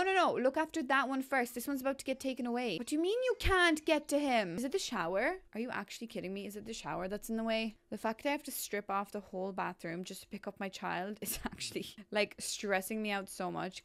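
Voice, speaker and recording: A young woman giving live commentary on her own gameplay, pleading and exasperated, with frequent exclamations and laughter. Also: medium pitch. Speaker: gaming YouTuber.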